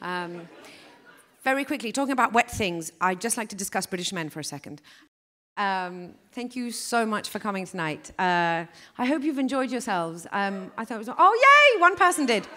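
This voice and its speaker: A woman's voice: medium pitch, very animated, moderate pace, bright, forceful tone. A woman doing stand-up, chatty and self-mocking with lots of fillers, then presenting thanks at the end of an event on a concert hall stage. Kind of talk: stand-up comedy. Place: large concert hall stage, live audience.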